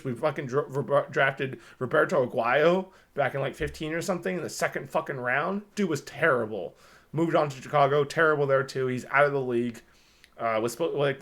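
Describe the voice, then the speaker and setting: A man co-hosting a casual sports podcast, excitable and rambling, swearing often as he talks. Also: on the high side. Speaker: podcast co-host.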